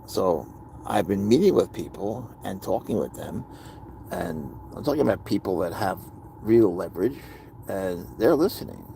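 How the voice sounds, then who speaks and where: A man with a lowish, gravelly voice rants with anger and a lot of swearing in a casual livestream monologue. A faint hiss of noise sits under the recording. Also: big pitch swings, normal speed, dark tone. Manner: angry, profane ranting. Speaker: livestream host.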